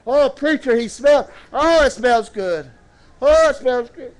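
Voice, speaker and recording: A man preaching a storytelling sermon at a church service, calling out to the congregation and swooping into slow, dramatic phrases. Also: very high voice.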